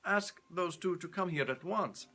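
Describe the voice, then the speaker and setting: Brief: shrewd investigator voiced by a man, measured questions, raised pitch. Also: pushed and bright, heavily acted. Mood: probing. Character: shrewd, commanding Italian investigator.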